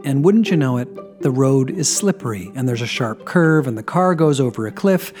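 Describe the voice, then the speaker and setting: A man preaching a sermon in a relaxed, conversational storytelling way, reflective and questioning. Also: medium pitch, moderate pace, music in the background.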